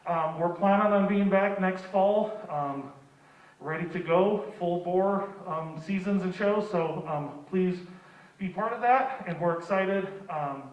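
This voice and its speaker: A man's voice: high voice, unhurried. A man who directs a drama club thanks everyone before a show, speaking in a rambling way with many fillers. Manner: rambling, grateful, many um's. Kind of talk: casual speech to an audience. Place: school theater. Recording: distant, dull and echoey hall audio.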